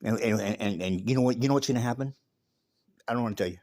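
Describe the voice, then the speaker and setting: A man's voice: mid-range voice, quick pace, darkish tone, no echo. A man giving a casual spoken monologue and telling a story, emphatic and profane, often repeating words as he goes.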